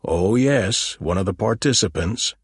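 A man's voice: lowish voice, animated, a little slow, breathy edge, no echo, clean studio sound, pitched above the performer's own voice. A man voicing a sour, aging village police sergeant who growls and talks down to people. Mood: gruff, sarcastic. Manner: growling, dismissive and sarcastic.

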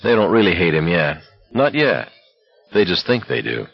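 A man voicing a quietly confident, eerie young male walker who speaks calmly. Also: creaky, slightly rough, no echo, muffled recording, exaggerated voice. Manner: calm, low, measured.

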